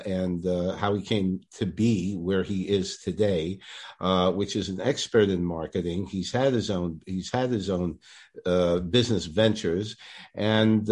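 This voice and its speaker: A man's voice: on the low side, husky. A man hosting a podcast interview in a casual, hesitant way with many fillers. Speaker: podcast host.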